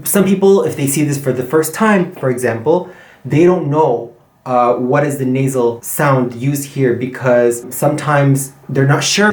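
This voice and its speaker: A man teaching an online language lesson, repeating example words slowly and clearly for learners. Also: mid-range voice, darkish tone, roomy sound. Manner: slow, drawn-out repetition of example words. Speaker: French pronunciation teacher.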